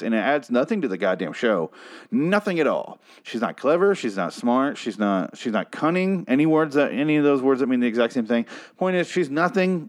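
A man hosting his own episode review show, ranting with profanity and sarcasm about how bad the episode was. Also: mid-range voice.

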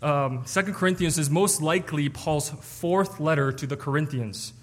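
A man's voice: fairly high pitch, normal speed. A man delivers an earnest, explanatory sermon in a slightly raised voice, now and then tripping over his words. His voice carries a long reverb, as in a large church sanctuary. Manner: earnest, explanatory, with stumbles and restarts. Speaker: preacher. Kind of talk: expository sermon.

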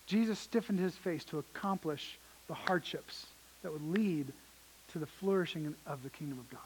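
A man's voice: fairly high pitch, moderate pace, slight background noise, low-quality recording. A man preaching a sermon as pastor, earnest and emphatic, often repeating his phrases.

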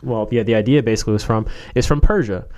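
A man's voice: lowish voice, fast talker, darkish tone. A man in casual chat, rambling through a story with many fillers, restarts and joking asides.

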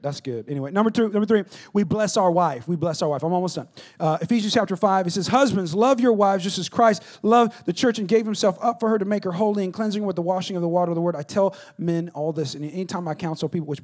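A man preaching a conversational sermon, acting out little dialogues and swinging between loud bursts and hushed asides. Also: a little high. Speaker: pastor.

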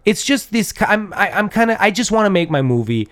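Podcast co-host, male, slightly high voice, rambling, stop-start delivery. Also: very animated, a bit bright, dry recording, clean studio sound. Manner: rambling, halting, lots of restarts and fillers. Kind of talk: casual chat.

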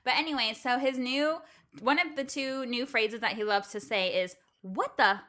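Bright-voiced woman telling animated stories. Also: sits high, normal speed. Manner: animated storytelling, acts out her toddler's lines. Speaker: podcast co-host. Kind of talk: casual chat.

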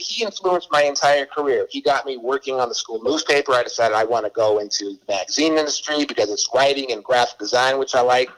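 A man's voice: mid-range voice, a bit bright, rough recording. Middle-aged guy from boston, chatty author guest, trips over his words a lot, keeps restarting. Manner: rambling, stumbles and repeats words. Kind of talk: casual storytelling interview.

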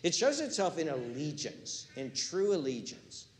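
A man preaching a sermon, animated, acting out quotes and swinging from hushed words to loud ones. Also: on the high side, a little slow. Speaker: pastor.

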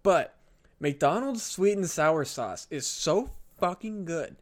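A man's voice: a little high, animated, takes it slowly. A man co-hosting a comedy podcast in casual chat, hedging his claims, cursing and poking fun at himself. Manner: hedging, profane, self-deprecating. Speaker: podcast co-host.

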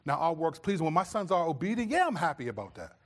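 A man's voice: fairly high pitch, quick pace. A middle-aged man preaching a sermon as pastor, telling stories and acting out his own voice as a dad. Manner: animated storytelling, acts out his own scolding voice.

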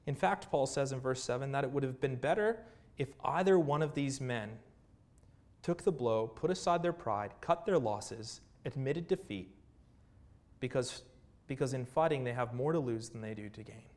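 A man's voice: mid-range voice, normal speed, darkish tone. A man preaching a sermon as pastor, earnest, with rhetorical questions and repeated phrases.

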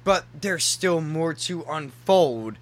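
A man's voice: a little high, lively intonation, slow. A man in a casual movie discussion who stammers, restarts and repeats words as he builds a point.

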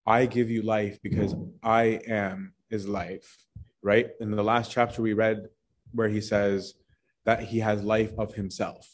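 A man's voice: on the low side, flat delivery, measured pace. A man leading an informal Bible study, explaining scripture in a conversational way with frequent "right?" asides and restarts.

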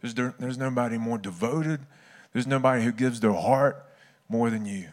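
A man voicing his old basketball coach, speaking firmly, quietly and reassuringly. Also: medium pitch, normal speed, close to an everyday voice. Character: gruff, kind older male basketball coach.

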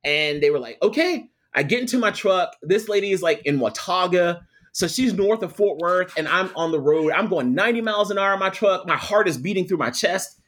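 Animated man telling a story. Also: sits high, brisk, hardly any pauses. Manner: animated storyteller acting out quoted voices. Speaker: guest, photographer and attorney. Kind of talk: storytelling in a podcast interview.

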